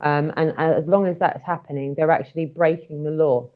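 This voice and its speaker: A woman's voice: sits low, fairly even intonation, a little fast, phone-quality sound. A woman speaking earnestly, hesitating with fillers. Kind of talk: casual talk.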